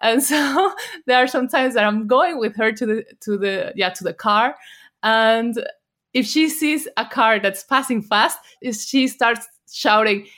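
A woman from Mexico speaking English with a Mexican Spanish accent, her voice sitting a little on the high side. She is an interview guest who tells lively stories and laughs often. Spanish is her first language. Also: measured pace. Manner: laughs often, animated storyteller. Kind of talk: casual interview chat.

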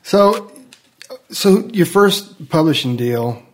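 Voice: medium pitch, expressive, takes it slowly. An interview host who mostly gives short replies and asks follow-up questions. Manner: brief backchannel replies. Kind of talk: casual interview.

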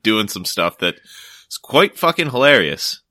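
A man's voice: lowish voice, very animated, a little slow, pushed and bright, no echo, clean studio sound. A man co-hosting a podcast in casual chat, joking and rambling into silly stories. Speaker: podcast co-host.

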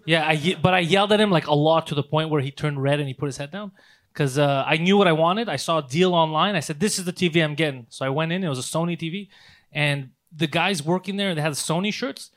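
A man's voice: fairly high pitch, quick pace. A man co-hosting a podcast, telling a profane story in casual chat and acting out the quotes. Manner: animated, profane, acts out quotes. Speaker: podcast co-host.

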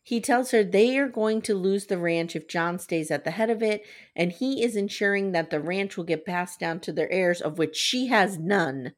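A woman hosting a casual TV recap podcast, animated and swearing, acting out the scenes she retells. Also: lowish voice, normal speed, hardly any pauses. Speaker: podcast host.

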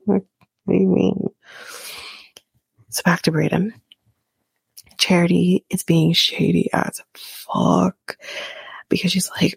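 Brief: woman, whispered reality TV recap, slow and gravelly, cursing casually, dry close sound. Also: on the low side, flat delivery, darkish tone, no echo. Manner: casual, profane, laughs while talking.

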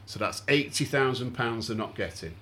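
A man hosting a podcast, walking listeners through events in a steady, explanatory casual chat. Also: mid-range voice, normal speed, a little hiss or hum. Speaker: podcast host.

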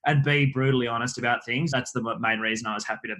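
A man's voice: mid-range voice, steady tone, fast talker, fairly bright tone. An Australian man, a guest on a podcast, chatting loosely and swearing casually. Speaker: guest, photographer.

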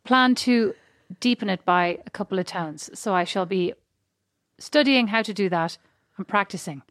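Woman co-host, dry wit, mid-pitched, close dry mic. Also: moderate pace, fairly bright tone, no room sound. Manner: sarcastic and playful. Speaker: podcast co-host. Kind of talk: casual chat with her sister.

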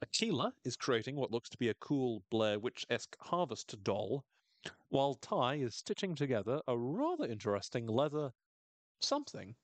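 A man's voice: mid-range voice, big pitch swings, moderate pace, dry recording. Wry, chatty man recapping a show. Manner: wry, chatty, laughs often, quotes characters in funny voices. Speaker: podcast host recapping a TV episode. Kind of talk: casual chat.

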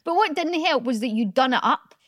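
A woman's voice: sits high, expressive, no room sound, studio quality. A woman co-hosting a podcast in casual chat, blunt and teasing. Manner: teasing, blunt and quick-witted. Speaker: podcast co-host.

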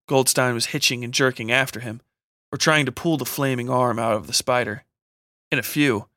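A man narrating a scripted horror story in a steady, measured reading. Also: mid-range voice, dry recording, clean studio sound.

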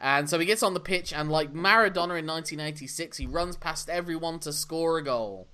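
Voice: medium pitch, fairly quick, pushed and bright, clean tone. A podcast co-host, recapping a film in casual, sarcastic chat and laughing often. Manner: sarcastic, laughs often, swears in mock frustration.

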